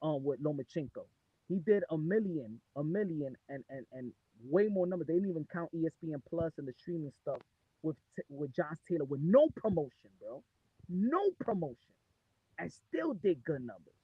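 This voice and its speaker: A man's voice: fairly high pitch, expressive, moderate pace, breathy edge, dry recording, narrow, tinny audio. A man from New York City with a New York accent, arguing insistently about boxing in a casual debate, repeating words as he pushes his point. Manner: insistent, talks over others, repeats words. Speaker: boxing commentator.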